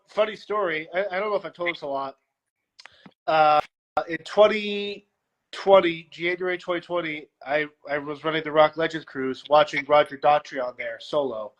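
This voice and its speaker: Male guest, high voice, animated storyteller, casual interview, muffled lo-fi recording. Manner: animated storyteller, puts on quick voices in anecdotes. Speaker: guest, security director.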